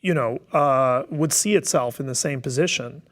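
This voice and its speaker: A man's voice: medium pitch, normal speed, a bit bright. A man talking on a webinar as a task force member, thoughtful and explanatory, with many fillers and restarts. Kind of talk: webinar discussion. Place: online webinar.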